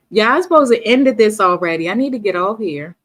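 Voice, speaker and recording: A woman from D.C. hosting a casual livestream, chatting with viewers and reading their comments aloud. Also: medium pitch. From Washington, D.C.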